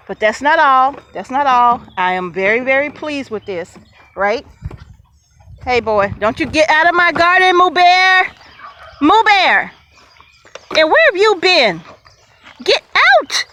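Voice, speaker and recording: Homesteader, higher-pitched woman, talks to viewers while walking an outdoor garden. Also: a little hiss or hum. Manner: chatty, excitable, addresses viewers often, laughs easily. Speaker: homesteader showing her garden. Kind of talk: casual garden tour vlog.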